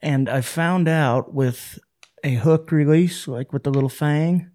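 A man co-hosting a casual hunting chat, telling stories in an animated, self-deprecating way. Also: on the high side, measured pace.

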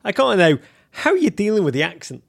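A man's voice: high voice, big pitch swings, quick pace, gravelly, slightly rough. A man hosting a podcast interview in a jokey, theatrical way. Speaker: podcast host. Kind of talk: playful interview.

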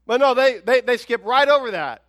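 A man preaches a sermon in a strikingly high voice. He keeps it conversational and animated, pushing his points home with emphatic rhetorical questions. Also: brisk. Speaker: pastor.

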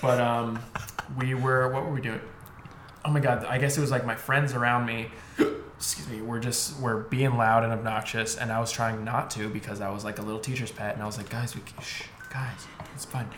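A young man co-hosting a podcast, telling an animated story in casual chat, swearing often. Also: mid-range voice, fairly quick. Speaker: podcast co-host. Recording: roomy room with faint noise.

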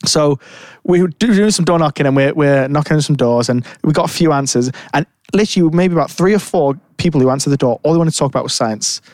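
A man's voice: on the high side, quick pace, a little mellow, no echo. A man telling a rambling story in casual chat, full of fillers and restarts. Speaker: podcast co-host.

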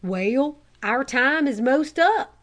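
A woman voicing an eager young boy scout on night watch in a storybook reading, who exclaims with excitement. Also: sits high, slow, exaggerated voice. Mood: cheerful.

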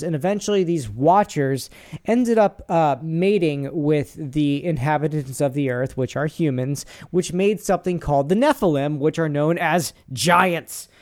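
A man's voice: a little high, a little mellow. A man co-hosting a casual podcast, rambling and swearing as he reads posts aloud with asides. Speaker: podcast co-host.

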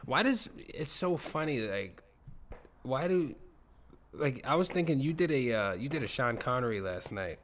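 A man in casual chat, animated and slangy, laughing often. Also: mid-range voice, normal speed.

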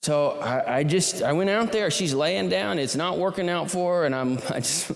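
A man's voice: fairly high pitch, lively intonation, moderate pace, gravelly. A man telling a long personal story to a live audience, rambling and self-deprecating, with many restarts. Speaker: speaker. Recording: long hall reverb.

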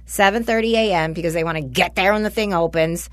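A woman's voice: lowish voice, quick pace, dry recording. Casual mom in her 40s ranting about driving her teen around, swears a lot, dry close sound. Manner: animated storyteller, swears freely, acts out dialogue. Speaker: parent of a teenage son. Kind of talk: casual chat between friends.

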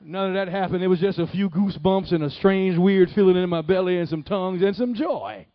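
A man from the Detroit area preaching, telling his testimony in an animated, folksy way. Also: sits high, brisk, dry recording. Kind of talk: sermon testimony storytelling. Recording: dull lo-fi, dry sound.

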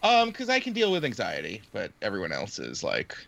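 A man's voice: fairly low pitch, huge pitch swings, fairly quick, gravelly, fairly bright tone. A man hosting a podcast in casual chat, rambling with fillers and laughing often. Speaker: podcast host.

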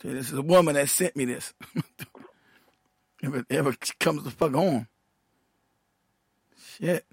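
Heated, high-voiced man ranting. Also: unhurried, vocal fry, pauses often, breathy edge, no echo. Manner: heated, profane, laughing often, trailing off while fiddling with his computer. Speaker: show host, military veteran. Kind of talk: profane livestream rant.

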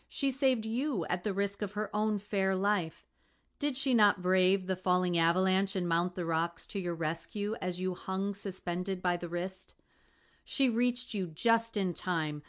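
A woman voicing a devoted, gentle young girl in a storybook reading. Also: medium pitch, clear, resonant tone, close to an everyday voice.

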